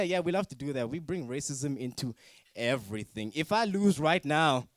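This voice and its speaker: A man's voice: on the high side, very animated, normal speed, dry recording. A man from Africa doing a stand-up comedy set at a student talent show, teasing the crowd and judges with mock outrage.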